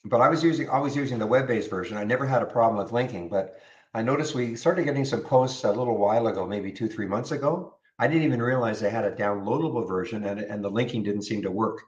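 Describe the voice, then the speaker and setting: A man with a lowish voice talks fast on a recording with the highs cut off. He's hosting a live trading room, giving casual commentary on charts, answering viewer questions and repeating words often.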